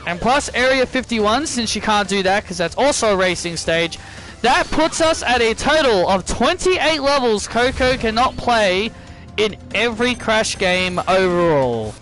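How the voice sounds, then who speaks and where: High-voiced man slowly chatting over gameplay. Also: lively intonation, fairly bright tone, soft background music. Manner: rambling, repeats and corrects himself. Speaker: gaming streamer. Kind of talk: casual gameplay commentary.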